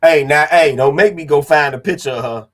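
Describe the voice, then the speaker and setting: A man's voice: a little high, fairly quick. A man streaming online, ranting casually in a profane, confrontational way and repeating his points.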